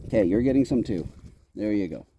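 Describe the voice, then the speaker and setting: Lively man talking to his farm animals. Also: lowish voice, brisk, slight background noise. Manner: talks to his goats, coaxing and scolding. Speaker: homestead vlogger. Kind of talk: casual vlog narration. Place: outdoors on a farm.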